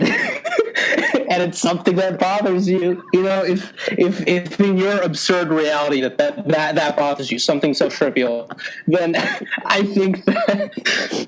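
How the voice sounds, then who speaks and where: A man's voice: fairly high pitch, poor audio. A young man hosting a casual podcast. He talks in a mock-serious, ironic way, often stumbling and breaking into laughter. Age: young adult. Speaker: podcast host.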